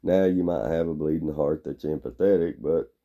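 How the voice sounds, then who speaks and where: Gruff guy ranting his opinions, super low gravelly voice, dark tone. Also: normal speed. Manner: blunt, gruff, rambling. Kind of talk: opinionated monologue.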